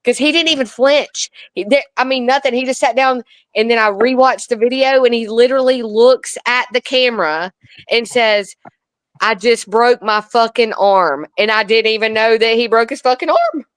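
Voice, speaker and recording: A woman, an arm wrestler and guest, chatting casually in a blunt, animated way and swearing freely. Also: on the high side, normal speed, dry recording. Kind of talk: casual podcast chat.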